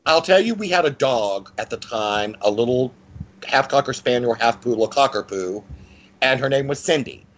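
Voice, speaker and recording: A man telling a personal story as an interview guest, in a lively conversational way with frequent restarts. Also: moderate pace, lo-fi sound, a little hiss or hum. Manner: animated, with frequent pitch swings and restarts.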